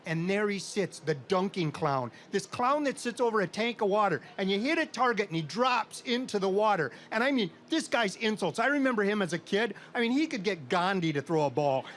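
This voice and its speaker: Speaking briskly and high, with few pauses, a middle-aged man from Minnesota delivers a deadpan comic story to a live crowd at an outdoor state fair stage. A slight hiss or hum sits under the recording.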